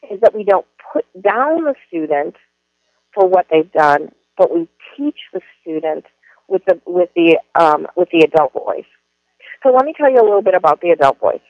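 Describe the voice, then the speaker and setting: A man's voice: high voice, dry recording, highs cut off. A man who trains school staff, giving an earnest, explanatory presentation with frequent ums and restarts. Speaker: education trainer. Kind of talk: spoken presentation.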